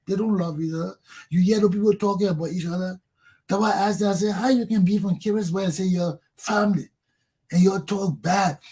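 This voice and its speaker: A husky-voiced man with a Liberian English accent, pitched fairly high for a man. He rants in a heated, profane talk-show monologue, hammering phrases over and over. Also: a little mellow. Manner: angry, profane ranting with repeated "man". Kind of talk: impassioned political monologue.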